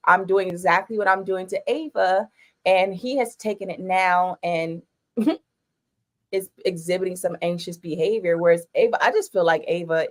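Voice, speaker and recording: Chatty woman host, animated. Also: medium pitch. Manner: animated, chatty storytelling with laughs. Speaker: podcast host and mother. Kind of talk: casual chat.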